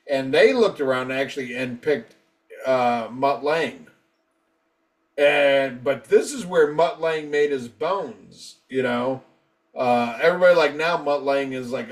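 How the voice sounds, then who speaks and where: A man's voice: mid-range voice, lively intonation, measured pace. A man co-hosting a casual album review, rambling and swearing freely, acting out quotes from band members. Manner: profane, rambling, acts out quotes. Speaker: podcast co-host.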